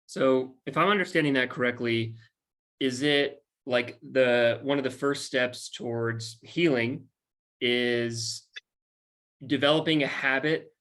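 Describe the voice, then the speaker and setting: A man's voice: mid-range voice, slow, fairly bright tone. Man host summarizing thoughtfully. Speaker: podcast host. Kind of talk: interview questions.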